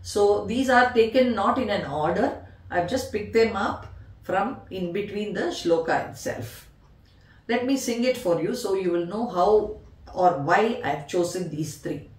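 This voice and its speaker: A patient woman walks a student through a veena lesson, counting beats and naming each note. She speaks at an unhurried pace in a mid-range voice. The recording sounds roomy, as if the mic is some distance away, with faint veena playing behind her. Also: mid-range voice, expressive. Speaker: veena teacher. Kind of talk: music tutorial explanation.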